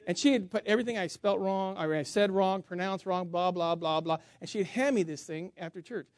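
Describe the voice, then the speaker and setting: A man preaching as a pastor, animated and humorous, jumping between loud emphasis and quiet asides. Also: sits high, a little fast, dry recording. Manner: humorous storytelling with self-mockery. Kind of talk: sermon.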